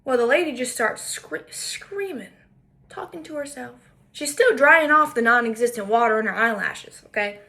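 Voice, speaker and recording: Indignant woman with a high voice. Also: normal speed, few pauses, sharp tone. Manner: indignant, emphatic, repetitive. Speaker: podcaster. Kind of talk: storytelling commentary monologue.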